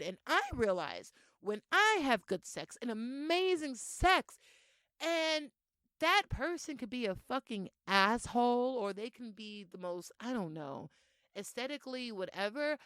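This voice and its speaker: Brash and profane, a young podcast host carries on a solo monologue in a casual, animated way, laughing along. She speaks on the high side of her range, with no echo in the sound.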